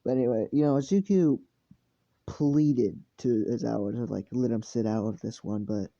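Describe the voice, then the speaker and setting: A man's voice: medium pitch, moderate pace, creaky, mellow, muffled recording. A tired man narrating a fan story in a casual, rambling way, full of fillers and swearing.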